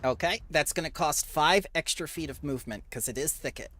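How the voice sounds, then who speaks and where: A game master running a tabletop session, briskly explaining rules and rolls. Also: medium pitch, a bit bright. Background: faint fantasy background music.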